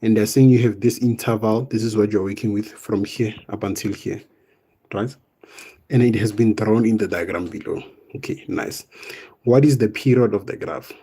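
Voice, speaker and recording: Young man, math teacher, husky, mellow low voice, casual step-by-step explaining, keeps saying "right?". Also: steady tone, normal speed. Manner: casual, says "boom" and "right?" often; explains step by step, coaxing students. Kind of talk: live online exam revision lesson.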